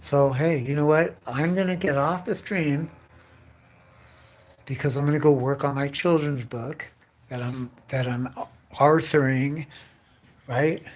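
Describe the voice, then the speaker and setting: A man's voice: fairly high pitch, steady tone, measured pace, pauses often. A young man livestreaming from home, rambling on in a loose, profane rant full of fillers.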